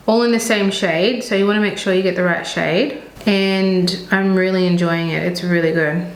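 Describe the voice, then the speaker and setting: A woman's voice: mid-range voice, reverberant, a little hiss or hum, poor audio. A young Australian woman chatting through her makeup routine as a beauty vlogger, rambling and correcting herself as she goes. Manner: rambling, self-correcting, frank. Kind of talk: chatty get-ready-with-me makeup talk.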